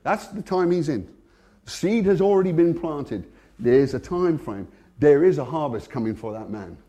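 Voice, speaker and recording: A British man giving a testimony sermon, storytelling with energy and laughing often, swinging between hushed and loud. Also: on the high side, animated, normal speed, lo-fi sound. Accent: British English. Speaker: Christian speaker.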